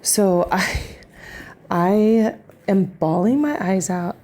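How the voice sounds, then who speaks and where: A woman vlogger telling a family travel story in an animated, rambling way, full of fillers. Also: medium pitch, takes it slowly. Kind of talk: casual storytelling to camera.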